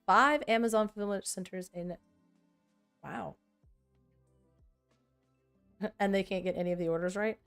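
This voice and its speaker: A woman's voice: mid-range voice, fairly bright tone, clear, resonant tone, faint music behind. Chatty woman rambling while sorting cards. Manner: rambling, self-mocking, quick mock dialogues. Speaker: content creator building a card deck.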